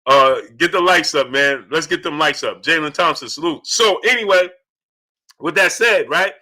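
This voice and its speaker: A man hosting a boxing talk livestream, giving animated commentary and giving shout-outs to viewers in the chat. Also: on the high side, normal speed. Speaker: boxing talk show host. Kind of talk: livestream commentary reading out super chats.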